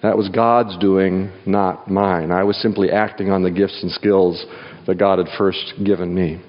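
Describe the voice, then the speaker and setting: This man's voice sits low, with a level tone and a measured pace. As a guest speaker in church, he delivers a sermon full of personal stories and jokes, and reads scripture aloud. The sound is dull, in a hall with long reverb.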